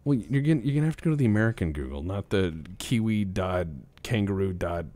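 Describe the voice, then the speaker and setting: A man's voice: fairly low pitch, expressive, fast talker, warm tone, no echo. A man hosting a casual gaming stream, rambling and joking, swearing freely and restarting his sentences. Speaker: streamer host.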